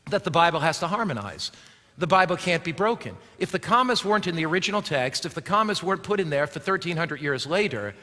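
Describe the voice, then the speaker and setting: A man preaching a sermon as pastor, swinging from emphatic shouts to low, quiet passages. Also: long reverb tail.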